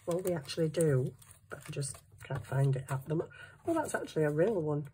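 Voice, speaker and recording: Expressive and mellow, this low-pitched middle-aged woman speaks fairly quickly while doing crafts at her desk at home, with slight background noise. In her chatty vlog she rambles along, mocking herself and muttering as she works.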